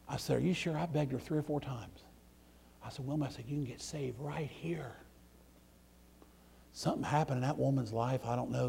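A middle-aged man, a preacher telling folksy stories in a sermon, swinging between loud outbursts and hushed, near-whispered passages. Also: medium pitch, creaky, a little hiss or hum. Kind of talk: storytelling sermon.

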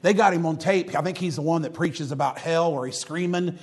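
Preacher, high voice, fervent and repetitive, ramps up to loud emphatic preaching. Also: male voice, a little fast. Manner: reads scripture in old-fashioned wording. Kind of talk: sermon.

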